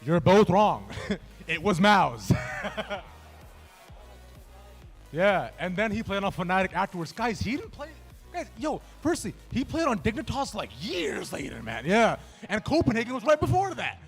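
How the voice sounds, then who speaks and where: A man's voice: sits high, very animated, measured pace, faint music behind. A man hosting a trivia game at a gaming event, bantering casually and jokingly with contestants in a large indoor venue. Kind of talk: live event emceeing.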